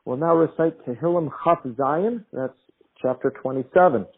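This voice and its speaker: A man giving an earnest sermon, repeating phrases for emphasis and weaving in Hebrew terms, then leading a slow psalm recitation. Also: fairly high pitch, slightly rough. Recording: thin phone-line audio.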